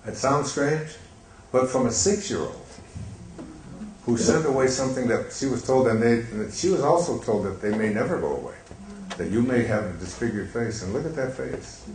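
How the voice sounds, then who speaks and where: An older man telling a gentle, meandering story with soft laughs and many fillers. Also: mid-range voice, animated, normal speed, echoey room, a little hiss or hum, poor audio. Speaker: speaker. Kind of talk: reflective storytelling talk.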